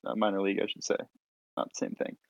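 A man's voice: fairly low pitch, completely flat delivery, fast, vocal fry, no echo. A man from the Sacramento area in casual podcast chat, offering hedged opinions on a dull lo-fi mic. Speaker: podcast panelist.

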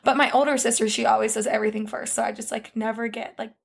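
A woman's voice: fairly high pitch, fairly even intonation, fast, creaky, husky. A young adult woman co-hosting a podcast, playful, laughing a lot and swearing casually. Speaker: podcast co-host. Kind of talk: casual chat.

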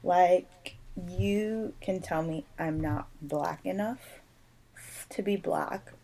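A young woman from Puerto Rico talking in a casual podcast chat, animated and emphatic, acting out the people she quotes. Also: lowish voice, takes it slowly, poor audio.

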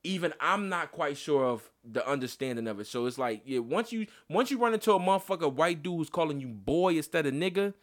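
A man's voice: fairly high pitch, lively intonation, a little fast, few pauses. Emphatic, profane podcast man. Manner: emphatic and profane, with repeated slang and insistent restarts. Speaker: podcast co-host. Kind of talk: casual chat.

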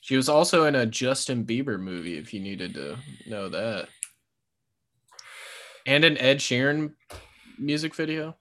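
A man's voice: medium pitch, big pitch swings, unhurried, pauses often, a bit bright. A man co-hosting a podcast in loose casual chat, swearing often and filling his talk with "like" and "you know". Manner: loose and profane, lots of fillers. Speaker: podcast co-host.

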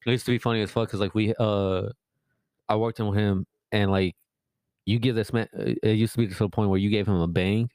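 A man's voice: on the low side, steady tone, brisk, a little mellow, clean tone, no echo. A young man in casual podcast chat, telling profane, laid-back stories about his son. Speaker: podcast co-host.

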